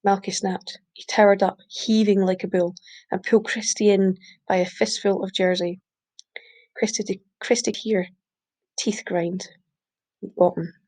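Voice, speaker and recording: A woman reading a short story aloud, steady, with small slips she corrects. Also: medium pitch, unhurried, long pauses. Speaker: reader. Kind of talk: audiobook reading.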